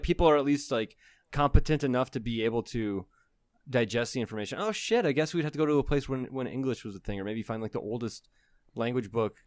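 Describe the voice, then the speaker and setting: A man's voice: medium pitch, no echo. A man co-hosting a casual comedy podcast, rambling and swearing as he works through an idea. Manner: rambling, profane, laughs often. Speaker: podcast co-host.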